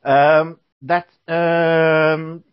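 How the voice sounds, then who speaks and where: Slow, playful lo-fi podcast host. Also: male voice, fairly high pitch, little pitch movement, clear, resonant tone. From Norway. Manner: playful, putting on a joke British persona. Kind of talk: casual podcast chat. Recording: dull lo-fi sound.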